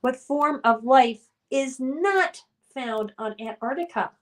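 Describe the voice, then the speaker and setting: High-voiced woman streamer reading chat. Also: expressive, slow pace, recorded from a distance. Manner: reads viewer comments aloud, chatty and upbeat, hums filler tunes. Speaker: livestream host reading chat. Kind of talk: casual live-stream chat.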